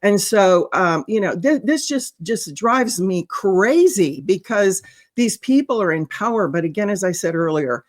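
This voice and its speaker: A woman guest in a political talk show, talking in an animated, outraged way. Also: medium pitch, a little slow. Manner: animated, outraged, lots of restarts. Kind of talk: casual political chat.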